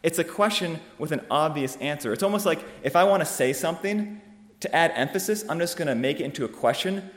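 A man preaching a sermon, emphatic and driving his points home with rhetorical questions that build to loud peaks. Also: fairly high pitch. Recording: long reverb of a hall.

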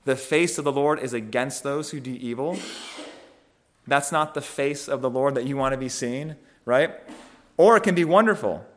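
Man, preacher, conversational sermon, thoughtful, halting, frequent restarts. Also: medium pitch, steady tone, a little hiss or hum. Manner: thoughtful, halting, many restarts and "right?" asides.

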